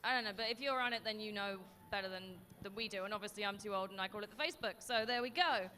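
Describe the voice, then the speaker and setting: Bright-voiced woman hosting outdoors. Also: mid-range voice, rapid-fire. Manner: bubbly, laughs at herself. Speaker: host. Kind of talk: live paddock broadcast chat. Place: outdoor motocross paddock.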